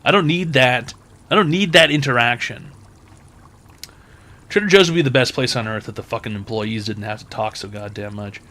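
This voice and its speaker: A man with a bright, forceful voice rants comedically as the host of an advice show. He swears freely and sounds exasperated, and his voice jumps up into loud outbursts. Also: medium pitch, moderate pace. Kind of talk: comedic rant.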